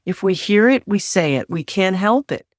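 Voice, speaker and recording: A middle-aged woman coaching on confidence in an interview, measured and instructive, repeating key phrases for emphasis. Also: medium pitch, animated, no echo, clean studio sound. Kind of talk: advice in interview.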